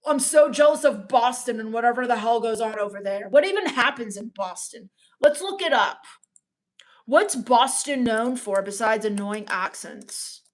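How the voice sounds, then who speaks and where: Deadpan sulky woman, slightly high voice. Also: normal speed. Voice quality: deadpan, sulky, sarcastic complaining. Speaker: comedic livestreamer reading chat. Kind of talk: in-character comedy livestream.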